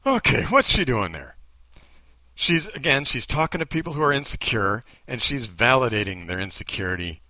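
Lively, sarcastic man commentating. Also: medium pitch, moderate pace, no echo. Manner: animated, sarcastic, blunt. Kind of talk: video commentary.

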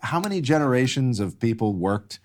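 A man's voice: mid-range voice, very animated, normal speed, darkish tone. A man talking as a guest in a casual chat, wry and opinionated, arguing with vivid examples.

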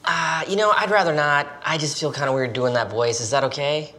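A man's voice: fairly high pitch, a little fast, bright, forceful tone. An actor playing a young American man at a TV audition, polite but reluctant and dryly arguing back.

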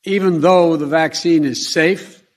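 Male politician, formal speech, measured, grave, slightly high voice. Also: steady tone.

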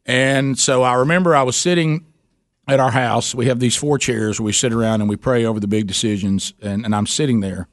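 A man's voice: mid-range voice, fairly even intonation, fairly quick, dry recording, clean studio sound. A middle-aged man, telling a story in a casual interview, self-deprecating and often repeating himself. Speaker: guest talking about his men's ministry.

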